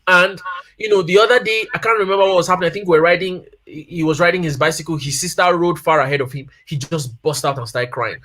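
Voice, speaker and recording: A man's voice: on the high side, fast, pushed and bright. A man in his thirties or forties talking casually about family life, telling personal stories and repeating key points for emphasis. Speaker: guest speaker on family life.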